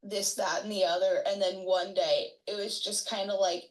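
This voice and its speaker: Casting: young woman college student, mid-pitched, relaxed, talks with lots of "like". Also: moderate pace, low-quality recording. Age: young adult. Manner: casual, many likes and fillers. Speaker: honors student. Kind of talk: personal account.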